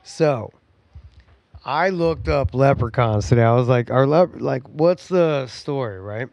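A man's voice: mid-range voice, animated, unhurried, a little mellow, no room sound. A man hosting a podcast in casual chat at home, rowdy and joking, swearing and laughing a lot. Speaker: podcast host.

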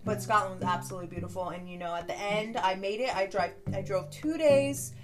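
A woman's voice: mid-range voice, fairly quick, music in the background. A woman co-hosting a podcast, telling travel stories in casual chat and acting out what people said. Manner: animated storyteller, acts out quotes. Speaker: podcast co-host.

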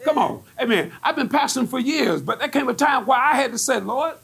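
A man preaching a fiery sermon as pastor, emphatic and repetitive, rising to shouts as the congregation answers. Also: very high voice, expressive, brisk, vocal fry, husky.

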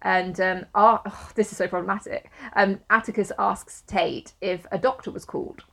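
A woman's voice: mid-range voice, fairly even intonation, normal speed, vocal fry, a bit bright. A young woman co-hosting a casual book discussion, blunt and sweary, often laughing. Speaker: podcast co-host.

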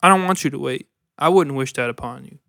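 A man's voice: mid-range voice, fast talker, vocal fry, bright, forceful tone, dry recording, studio quality. A man co-hosting a casual podcast, joking crudely in a laid-back way with lots of fillers. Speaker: podcast co-host.

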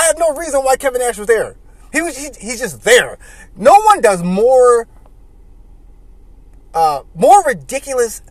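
A man hosting casual commentary and telling animated stories with frequent laughter. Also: sits high, dry recording. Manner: animated storytelling, laughing often. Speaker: host.

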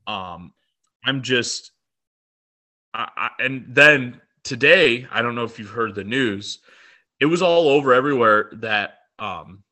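A man's voice: medium pitch, expressive, takes it slowly, pushed and bright. A man co-hosting a casual sports podcast, talking enthusiastically and rambling with fillers. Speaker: podcast co-host.

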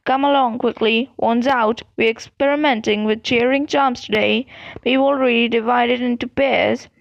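A woman's voice: on the high side, fairly even intonation, normal speed, vocal fry, no room sound, dull audio. Storybook professor, small and fussy, reproving, voiced by a woman reader in her own voice.

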